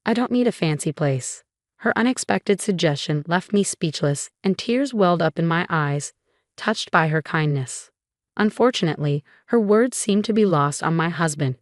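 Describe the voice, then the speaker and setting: A woman reads a first-person drama story as scripted narration. Her delivery is even and measured, her voice sits lowish, and the sound is dry and close to the mic. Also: no room sound.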